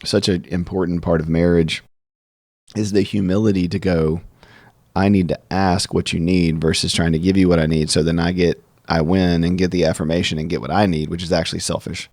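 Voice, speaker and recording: A deep-voiced man hosts a casual interview. He tells animated stories and acts out both voices in them. The mic is close and dry. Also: fairly quick, no echo. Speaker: podcast host.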